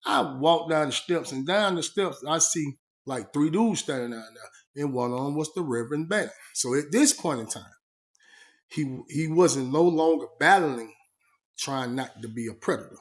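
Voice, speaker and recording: A man's voice: medium pitch, expressive, normal speed. A man telling a personal story in a casual, slangy, conversational way. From Georgia, USA. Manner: slangy, conversational, retells talks by voicing both sides. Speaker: storyteller recounting prison life.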